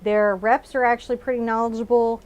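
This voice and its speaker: A woman's voice: on the high side, little pitch movement, a little fast, darkish tone. A woman with a Texan accent teaching a live painting lesson in her studio, chatting and narrating each brush step as she paints. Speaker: painting instructor. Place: art studio.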